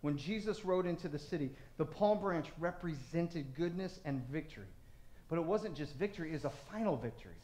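A man preaching a sermon as pastor, animated and acting out voices of crowds and of God. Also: on the high side, brisk, echoey room.

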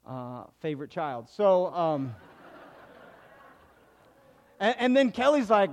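Middle-aged male pastor, high-pitched, casual sermon with emphatic peaks. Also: big pitch swings, normal speed, long pauses. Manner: conversational, self-deprecating, builds to emphatic preaching.

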